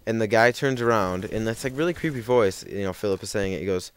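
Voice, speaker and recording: A man's voice: fairly low pitch, fast talker, a little hiss or hum. A young man telling a rambling story over gameplay, full of fillers and self-corrections. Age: young adult. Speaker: gaming commentator.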